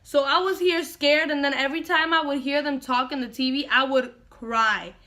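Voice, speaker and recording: A woman's voice: sits high, fairly even intonation, normal speed, bright, forceful tone. A young woman vlogger dramatically retelling a personal story to camera, repeating lines for effect.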